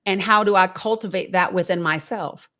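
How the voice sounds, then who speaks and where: A woman's voice: lowish voice, moderate pace, fairly bright tone. A woman hosting a live call-in show, talking in a conversational, reflective way and asking her listeners rhetorical questions. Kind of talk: encouraging live-stream talk.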